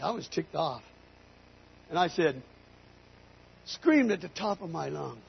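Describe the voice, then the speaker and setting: A man preaching a storytelling sermon in an animated way, rising into loud emphatic bursts. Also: a little high, measured pace, creaky, pauses often, husky. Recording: slightly muffled recording.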